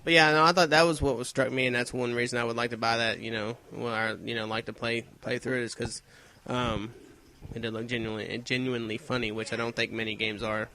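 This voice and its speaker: A man's voice: medium pitch, flat delivery, fairly quick, pushed and bright, a little hiss or hum. A man co-hosting a casual gaming podcast, rambling and opinionated, with lots of fillers. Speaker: podcast co-host.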